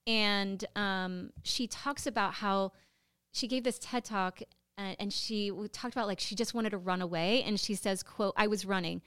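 A woman's voice: mid-range voice, fairly even intonation, measured pace, a bit bright, smooth, no echo, studio quality. A woman co-hosting a podcast, telling a story in casual chat, emotional and rambling with lots of fillers. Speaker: podcast co-host.

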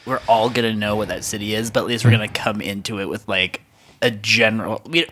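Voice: mid-range voice, steady tone, fairly quick, fairly bright tone. A chatty player in a casual tabletop game planning chat who talks with lots of "like" fillers.

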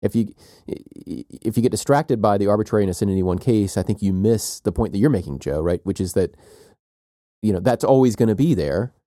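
A man's voice: lowish voice, brisk, warm tone, no room sound, clean studio sound. A man co-hosting an academic talk, thinking aloud at length with playful asides and frequent "right?". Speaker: podcast co-host. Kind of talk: academic conversation.

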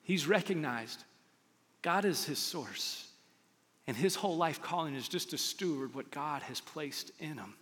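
A pastor with a fairly high voice delivers a lively, conversational sermon, slipping into small acted-out quotes as he tells stories. His words ring out with a long reverb, as if from a large church auditorium. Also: unhurried.

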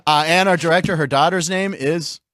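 A man's voice: fairly high pitch, steady tone, a little fast, a bit bright, no room sound, clean studio sound. A man hosting a sports and comedy show, chatting casually and laughing often. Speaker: host.

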